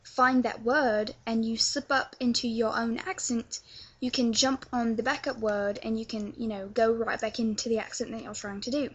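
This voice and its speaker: A woman's voice: a little high, steady tone, normal speed, hardly any pauses, breathy edge, lo-fi sound. A young woman from England with a London accent, chatting her way through a casual tutorial with lots of filler words. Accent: London English. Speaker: vlogger teaching accents.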